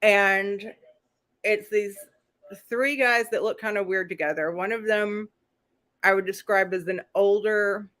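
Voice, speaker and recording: A woman hosting a live-stream chat, retelling a story in a loose, rambling way. She chats casually, breaks off with quick laughing asides, and keeps the tone conversational throughout. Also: medium pitch, steady tone, fairly bright tone. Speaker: host.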